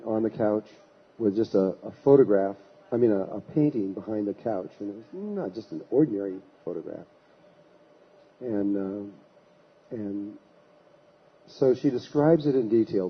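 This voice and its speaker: A man's voice: medium pitch, slightly rough. A man giving a talk, telling a long anecdote in a rambling way and acting out the voices of the people in it. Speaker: lecturer. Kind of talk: storytelling talk. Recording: dull lo-fi recording.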